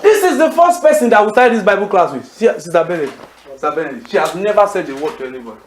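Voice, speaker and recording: Male preacher, emphatic call-and-response delivery, lively high pitch, roomy hall sound. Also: fast talker, slight background noise. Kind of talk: sermon. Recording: echoey hall.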